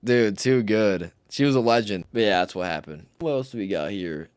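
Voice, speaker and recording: A man's voice: on the low side, moderate pace, clear, resonant tone, no echo, clean studio sound. A young man streaming live, telling rambling, slangy stories and swearing often. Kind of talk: casual storytelling on a livestream.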